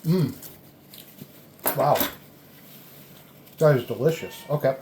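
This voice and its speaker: Casual food-vlog host, rambling between bites, mid pitch, roomy echo, faint dish clatter. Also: animated, slow pace, noisy background. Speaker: food vlogger. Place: indoors at home, eating a delivered meal. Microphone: camera on a tripod.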